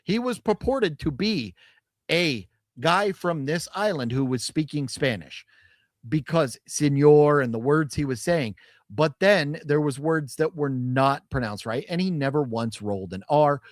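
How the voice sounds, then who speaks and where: As a podcast co-host in a casual movie chat, this man rambles, restarts and laughs. His voice leans high, with lively intonation and an unhurried pace. Clean studio sound with no room sound.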